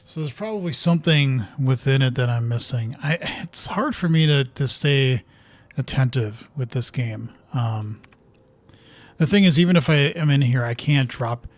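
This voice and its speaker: A man talks his way through a horror video game in casual let's-play commentary. He thinks aloud, mutters to himself and reads in-game notes as he goes, pausing and restarting his thoughts. His voice sits at an ordinary middle pitch for a man. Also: no echo.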